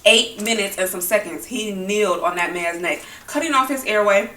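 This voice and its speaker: A woman ranting while she eats on camera, blunt and heated, with plenty of cursing. Her voice is bright and sharp. She sits some way from the mic, and the room rings with echo. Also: mid-range voice, moderate pace, recorded from a distance, a little hiss or hum. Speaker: mukbang vlogger. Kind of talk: angry opinion talk while eating.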